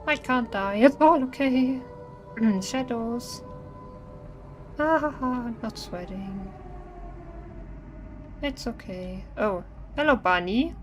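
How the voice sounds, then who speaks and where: A young woman streaming horror games, chatting nervously and singing to herself to stay calm. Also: on the high side, slow pace, long pauses. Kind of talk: live-stream gameplay commentary. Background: faint game music.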